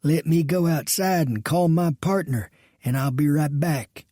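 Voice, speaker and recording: A man's voice: fairly high pitch, a little slow, dark tone, no echo, studio quality, voice pushed up. A man voicing a polite, wary, gray-haired older gunman in an audiobook western.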